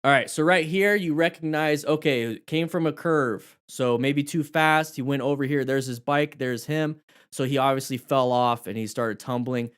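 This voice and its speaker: Man, motorcycle safety instructor, animated, talks through crash footage, middle pitch. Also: normal speed, clean tone. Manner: animated, acts out rider dialogue and questions. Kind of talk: live commentary over a crash video.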